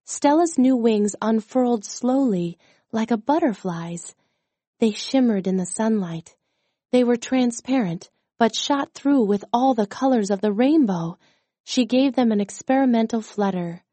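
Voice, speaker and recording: A woman narrating a children's storybook chapter in a slow, careful, clearly enunciated reading style. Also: fairly high pitch, lively intonation, mellow, dry recording. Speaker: audiobook narrator.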